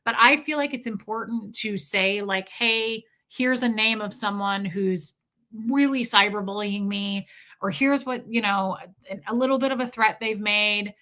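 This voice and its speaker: A chatty woman hosts a casual livestream, drifting from a story to thanking her viewers and back again. Her voice is bright and forward, with medium pitch for a woman and a lively, conversational delivery. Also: unhurried. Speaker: livestream host.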